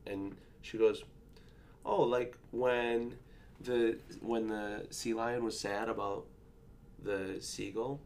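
A man's voice: lowish voice, level tone, a little mellow, a little hiss or hum. A man in his thirties, a father, chatting casually and reflectively about parenting, telling stories with frequent restarts. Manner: reflective, storytelling, halting restarts. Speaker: podcast co-host, father. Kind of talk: casual chat.

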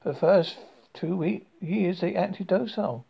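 A detached, clinical man , voiced by the story's reader, speaks with unsettling calm and halting restarts. The voice is gravelly and husky. The recording sounds dull and lo-fi. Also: mid-range voice, exaggerated voice. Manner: detached, matter-of-fact. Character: cold clinical man who studies captive humans.

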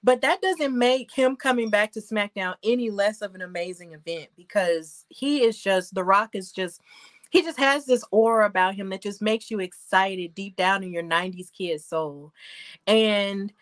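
A woman in her thirties co-hosting a wrestling aftershow, chatting in an animated, gushing way with lots of fillers and laughs. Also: medium pitch, moderate pace. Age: 30s. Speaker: aftershow co-host. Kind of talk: excited casual chat.

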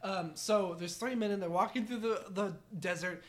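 A man's voice: sits high, fairly quick, hardly any pauses. A man co-hosting a podcast, telling a crude story in casual chat, often giggling and rambling. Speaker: podcast co-host.

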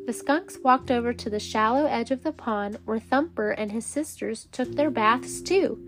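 A woman reading a bedtime story aloud to children, gentle and calm. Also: on the high side, normal speed, over music. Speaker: storybook reader.

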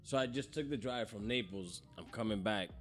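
A man telling a story in casual chat, loud and laughing, swearing a lot with slang, from South Florida. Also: lowish voice, normal speed, soft background music.

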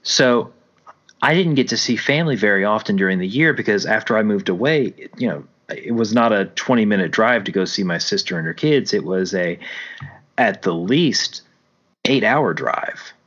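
Low-voiced man chatting on a podcast. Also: expressive, normal speed, a bit bright. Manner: rambling, self-correcting storyteller. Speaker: podcast co-host. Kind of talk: casual podcast chat. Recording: dull lo-fi sound.

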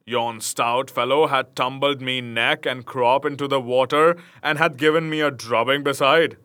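A man's voice: medium pitch, steady tone, moderate pace, no echo, lightly acted. A man voicing a jolly, bold male outlaw leader, speaking in hearty, old-fashioned phrases. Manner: hearty archaic speech, raised and loud.

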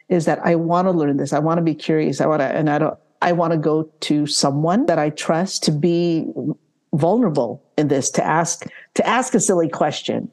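A low-pitched woman hosting a podcast conversation. She speaks from the heart, stumbling over repeated words as she gathers her thoughts, with laughter mixed in. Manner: stammering restarts, warm questioning, laughs. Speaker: podcast host.

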